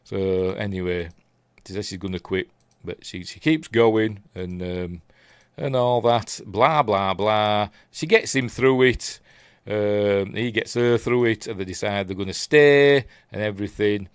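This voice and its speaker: A man's voice: on the low side, a little slow, smooth, no room sound, studio quality. A man with a Yorkshire accent chatting casually on a live stream, rambling through episode recaps with plenty of fillers and asides.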